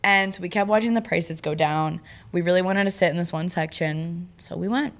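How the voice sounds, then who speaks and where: A young woman co-hosting a podcast, telling a travel story in lively casual chat and acting out the people she quotes. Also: lowish voice, fairly quick. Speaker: podcast co-host.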